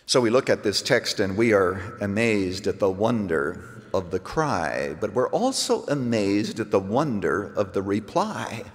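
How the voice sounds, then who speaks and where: A pastor preaching a sermon, swinging between hushed, low phrases and emphatic lines. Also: male voice, very animated, measured pace. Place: church sanctuary. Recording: long reverb of a church hall.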